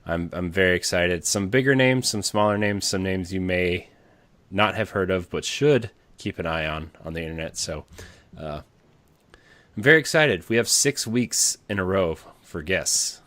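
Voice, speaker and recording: A man's voice: low voice, normal speed, a bit bright, no room sound. A man hosting a casual podcast, talking loosely with lots of fillers and restarts. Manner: rambling with many fillers and restarts. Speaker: podcast host.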